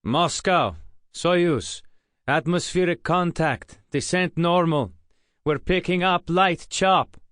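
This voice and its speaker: A man's voice: on the high side, slow pace, fairly bright tone, no echo, studio quality, pitched above the performer's own voice. A man voicing a Russian cosmonaut making clipped radio calls while his capsule shakes during re-entry. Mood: tense, clipped. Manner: clipped radio callouts, jittery from shaking.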